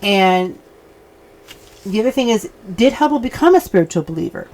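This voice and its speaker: A woman's voice: medium pitch, animated, normal speed, a little mellow, low-quality recording. A woman co-hosting a podcast, casually explaining the history she has researched. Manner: explanatory, recounting her research.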